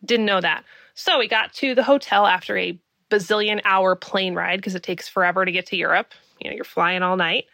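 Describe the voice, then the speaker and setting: Woman, podcast host, from the US, bright tone, dry close sound, chatty storytelling. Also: mid-range voice, steady tone, brisk, creaky, dry recording. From United States. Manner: chatty, laughing, self-deprecating asides. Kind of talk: casual storytelling monologue.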